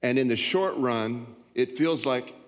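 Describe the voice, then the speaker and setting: Folksy preacher in an echoing hall. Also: male voice, mid-range voice, measured pace. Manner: folksy, repetitive, stammering. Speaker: pastor. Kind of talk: sermon. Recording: long hall reverb.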